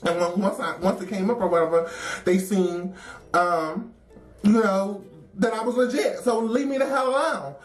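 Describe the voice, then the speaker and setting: A woman telling a story in a casual, animated, wry way, laughing often. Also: medium pitch, moderate pace. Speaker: storyteller in a documentary. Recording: roomy echo with faint music.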